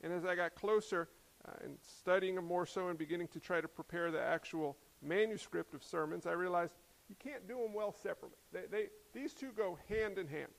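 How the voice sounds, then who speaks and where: Man, pastor, high voice, casual joking sermon, long hall reverb. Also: a little fast, vocal fry. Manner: conversational preaching with humorous asides.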